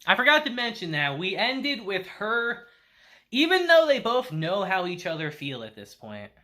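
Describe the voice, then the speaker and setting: A man's voice: high voice, wildly swooping pitch, normal speed, bright, forceful tone. A young man reviewing anime in a casual, chatty way, laughing often and swearing now and then.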